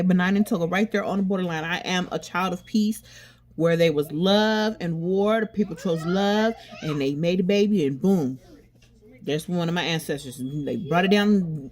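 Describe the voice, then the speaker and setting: A woman's voice: on the low side, normal speed, darkish tone. A woman chatting casually while doing her makeup, rambling and candid, often restarting and repeating herself, with frequent swearing. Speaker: beauty vlogger.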